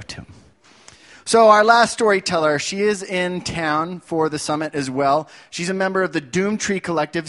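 A man's voice: a little high, a bit bright. A man hosting a live storytelling show, introducing acts and plugging events in a loose, joking way. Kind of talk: casual emcee announcements.

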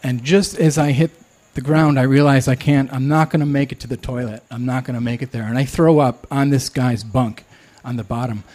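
A man's voice: medium pitch, steady tone, darkish tone. Candid man telling a personal story. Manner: candid, self-deprecating, halting.

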